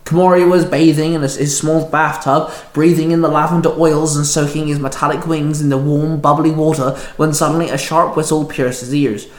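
A man's voice: a little high, flat delivery, moderate pace, few pauses. Man reading a story in an echoey room. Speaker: fan fiction narrator. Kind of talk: storytelling narration.

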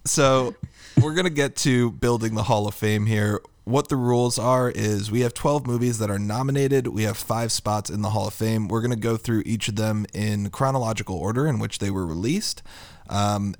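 Man, podcast host, casual chat, lowish voice, dry close sound. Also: no room sound.

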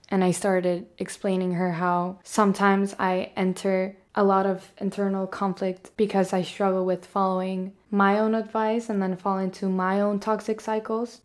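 A woman's voice: mid-range voice, darkish tone. A young woman hosting her own podcast, telling a personal story in a chatty, confessional way, with many "like"s and "literally"s. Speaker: podcast host. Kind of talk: casual solo podcast storytelling.

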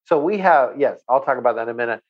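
A man's voice: mid-range voice, quick pace, muffled recording. A man, a guest who runs a water company, telling a long anecdote in casual chat and acting out the voices he quotes. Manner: animated storyteller who acts out quoted voices.

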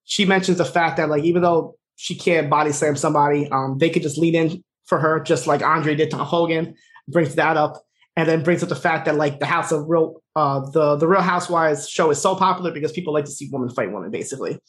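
A male podcast co-host with a fairly high voice gives a quick, animated recap in casual chat, filling his retelling with fillers and laughs.

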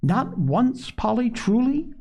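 A man voicing a small, earnest little girl in a storybook reading, slow and wondering. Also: high-pitched, sing-song, vocal fry, a little mellow, voice pushed up, heavily acted.

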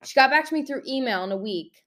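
A woman's voice: high-pitched, lively intonation, fast talker, fairly bright tone. A young adult woman telling a candid personal story in a chatty, frank way, full of fillers and the odd swear word.

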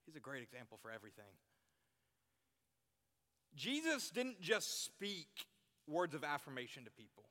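Young man, youth pastor, sermon, slightly high voice, echoing church hall. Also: big pitch swings, moderate pace, long pauses, bright, forceful tone. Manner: earnest, repeats key phrases for emphasis. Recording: long reverb in a hall.

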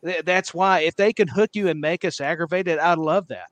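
He's a podcast co-host in a casual wrestling conversation, speaking at normal speed in a fairly high, slightly bright voice with no room sound. He talks long and eagerly, repeating words and using lots of fillers.

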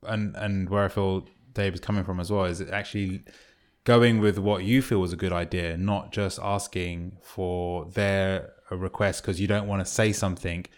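Male co-host, fairly low voice, relaxed, leads through points. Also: moderate pace. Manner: relaxed, conversational, presents numbered points. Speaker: podcast co-host. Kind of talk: casual podcast chat.

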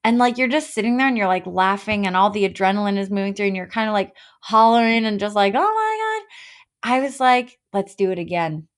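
A woman's voice: mid-range voice, fast, few pauses. A woman in her thirties co-hosting a podcast, telling stories with energy in casual chat, with lots of "like"s. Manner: energetic, storytelling, many "like"s. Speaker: podcast co-host.

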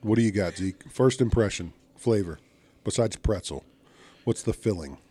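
A man's voice: on the low side, normal speed, warm tone, husky. A man co-hosting a casual podcast, teasing his friend with questions while they review snacks. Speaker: podcast co-host.

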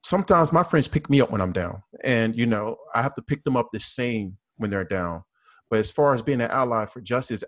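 Earnest man, police officer guest. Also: mid-range voice. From American South. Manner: earnest, repetitive, halting restarts. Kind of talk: panel discussion.

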